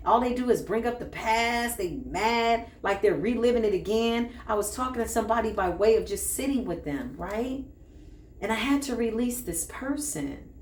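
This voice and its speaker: A woman giving a casual spiritual reading, talking in an animated, preachy way full of slang. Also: on the high side, roomy sound. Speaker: spiritual reader. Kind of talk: casual spiritual livestream talk.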